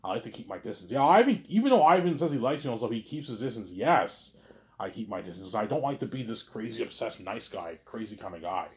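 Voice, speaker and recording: A man with a somewhat low voice rambles through a casual to-camera monologue. He trips over his own words and keeps circling back to the same pet phrases. His talk is loose and peppered with crude slang. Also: sing-song, fast talker, darkish tone. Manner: repeats "obviously" and "you know what I'm saying", stumbling restarts, crude slang. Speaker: vlog host talking to camera.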